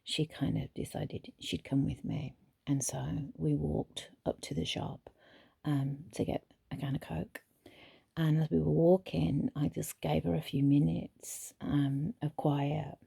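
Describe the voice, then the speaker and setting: A woman therapist telling a story casually, in a soft, hesitant way with frequent whispered asides. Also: sits low, fairly even intonation, measured pace, vocal fry, husky, dry recording.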